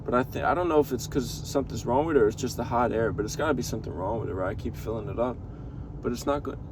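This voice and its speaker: A man's voice: medium pitch, very fast. A young man talking casually to the camera from inside a car, venting in a rambling, profane way. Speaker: vlogger living in his car. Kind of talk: casual vlog monologue. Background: faint car and street noise.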